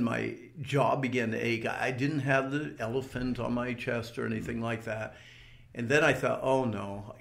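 Gravelly older man telling his story. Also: mid-range voice, roomy sound. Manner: earnest storytelling with repeated restarts. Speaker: interviewee. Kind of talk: personal testimony.

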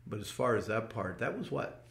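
Gravelly older man telling his story. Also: on the low side, sing-song, moderate pace, a bit bright, echoey room. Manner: earnest storytelling with repeated restarts. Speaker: interviewee. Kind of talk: personal testimony.

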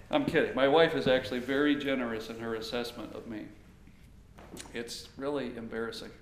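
A middle-aged man giving a conversational sermon on marriage, lively and acting out bits of dialogue. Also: medium pitch, a little fast. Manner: animated, acts out quoted dialogue. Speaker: pastor teaching on marriage. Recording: roomy with faint ambient noise.

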